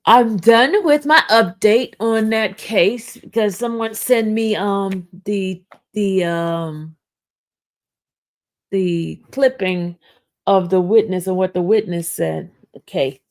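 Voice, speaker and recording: A woman with a gravelly, creaky voice talks to her viewers at an unhurried pace. She rambles casually, calls them y'all, and keeps clearing an itchy throat. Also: medium pitch. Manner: slow, meandering, addresses viewers as y'all. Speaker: online true-crime commentator. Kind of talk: casual live-stream chat.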